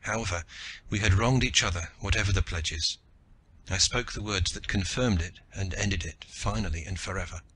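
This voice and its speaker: A man narrating an audiobook in the first person with steady, forceful storytelling. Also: low-pitched, moderate pace, slight background noise.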